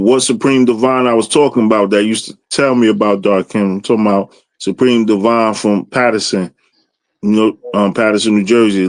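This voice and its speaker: A man's voice: fairly low pitch, no room sound. A man chatting casually in a religious discussion podcast, loose and conversational, often asking "you know what I mean".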